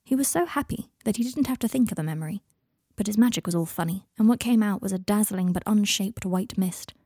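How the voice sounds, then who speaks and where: A woman narrating fiction aloud in a soft, even voice, dropping to whispers on speech tags. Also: mid-range voice, fairly quick, husky, no room sound, studio quality. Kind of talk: audiobook fiction reading.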